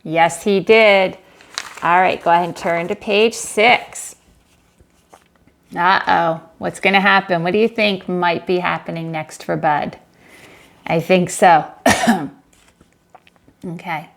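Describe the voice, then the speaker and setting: A woman reading a children's book aloud in a lesson, saying each line slowly and clearly, then quickly and softly prompting the child to read along and praising them. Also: fairly low pitch, steady tone. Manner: encouraging, asks simple questions. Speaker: teacher reading with a young child.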